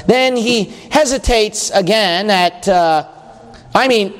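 A man preaching a sermon in a church, emphatic, putting questions to the listeners and swinging between slow stressed words and quick bursts. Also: high voice. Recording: long reverb of a large hall.

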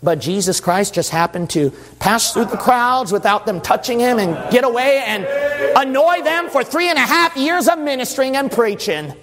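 A male preacher delivering a dramatic sermon, swinging into shouting and sing-song stretches. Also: very high-pitched, lively intonation, moderate pace. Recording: long hall reverb.

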